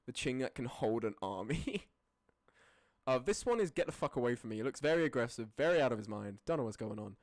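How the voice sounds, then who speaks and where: A streamer casually ranking images, often breaking into high laughing fits and then dropping into low, sweary mutters. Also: big pitch swings, normal speed, dry recording, clean studio sound. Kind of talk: casual live-stream commentary.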